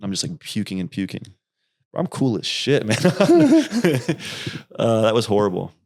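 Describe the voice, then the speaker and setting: Young guy with a lowish voice rambling through wild stories, swears a lot. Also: brisk, creaky. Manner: rambling, animated, swears freely. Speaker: podcast guest, YouTuber. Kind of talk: casual storytelling.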